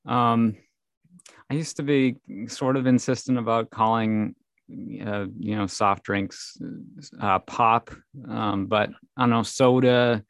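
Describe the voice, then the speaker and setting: A man with a deep voice and a light Minnesotan accent, chatting on a podcast. His sound is dry and close, and he often stops with ums and restarts his sentences. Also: flat delivery, slow, vocal fry, fairly bright tone, dry recording. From Minnesota, USA. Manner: hesitant, many ums and restarts. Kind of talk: casual chat.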